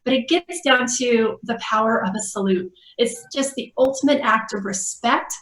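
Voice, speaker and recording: A woman's voice: on the high side, normal speed, fairly bright tone, echoey room, low-quality recording. A woman, a veteran and former officer, speaking enthusiastically and emphatically in an interview. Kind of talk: remote interview.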